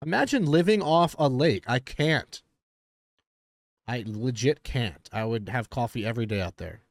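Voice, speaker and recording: A man's voice: medium pitch, animated, moderate pace. A man streaming a reaction to a TV episode, joking and riffing casually as he talks to his chat.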